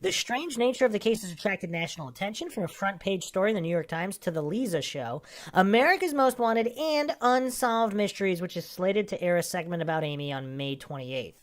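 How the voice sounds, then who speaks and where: A woman hosts a true crime podcast in a mid-pitched voice. She talks casually through the case, then reads a magazine article aloud and breaks in with short asides of her own. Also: animated, brisk. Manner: casual, with asides between read passages. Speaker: podcast host.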